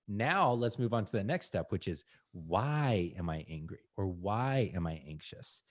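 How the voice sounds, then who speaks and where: An earnest man speaks on a podcast in a fairly low voice. He acts out his own inner thoughts as he explains them. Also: lively intonation, normal speed, few pauses. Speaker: podcast co-host. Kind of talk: casual conversation.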